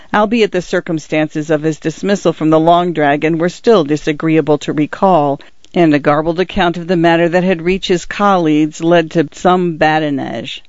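A man narrating an audiobook as a measured, steady reader. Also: on the high side, no room sound. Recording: dry, somewhat muffled recording.

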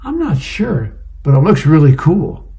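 A man's voice: a little high, wildly swooping pitch, measured pace, vocal fry, dark tone, pitched above the performer's own voice, full character voice. A man voicing a TV-struck old husband. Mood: eager. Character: older husband wowed by a TV ad, childlike.

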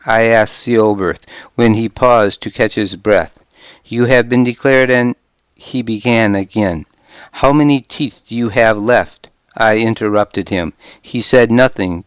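A man reads a story aloud in unhurried, measured narration. His voice is smooth and clear, recorded close and dry with no room sound. He gives the characters light voices without leaving his own. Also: fairly low pitch, dry recording. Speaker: audiobook narrator. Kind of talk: scripted narration with character dialogue.

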